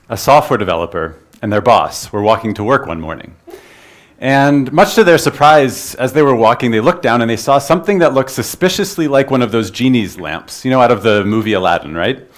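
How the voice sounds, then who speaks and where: A man in his thirties giving a conference talk, energetic and joking, opening with a story. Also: mid-range voice, normal speed. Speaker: conference speaker.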